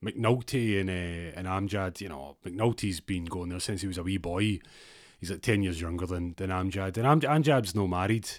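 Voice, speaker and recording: Low-voiced Scottish man, casual storyteller, rambling and digressive, dry close sound. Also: moderate pace, dry recording. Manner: rambling, digressive, laughs at own tangents. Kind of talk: casual anecdote.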